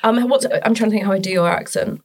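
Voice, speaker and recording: A woman, a comedian, chatting quickly and teasing with bursts of laughter. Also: mid-range voice, vocal fry, over a noisy crowd. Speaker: comedian guest. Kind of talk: casual chat.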